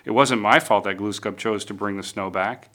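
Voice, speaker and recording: A man plays a shameless trickster badger from a storybook, glib and quick with excuses. The voice is a little raised and sharp-edged. It keeps a lowish, bright tone. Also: fairly even intonation, natural voice. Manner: glib, unrepentant excuse-making.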